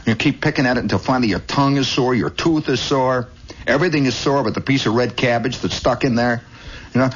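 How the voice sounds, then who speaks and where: A man hosting a radio show, telling a long improvised story with many asides, shifting between hushed and excited, on an old lo-fi recording. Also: medium pitch, breathy edge. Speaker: radio host. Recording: dull lo-fi 1960s radio.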